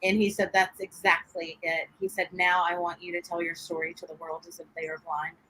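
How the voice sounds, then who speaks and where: A woman, a guest sharing her faith testimony in an interview, animated and quick to laugh as she acts out what people said. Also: on the low side, low-quality recording. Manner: animated storyteller, laughs often, acts out quotes.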